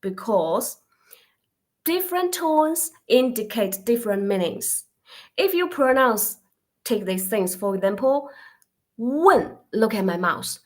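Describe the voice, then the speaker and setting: A woman whose first language is Mandarin, teaching beginners in a live online class, speaking slowly and patiently while drilling sounds for learners to repeat. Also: mid-range voice, animated. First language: Mandarin Chinese. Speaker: Chinese teacher.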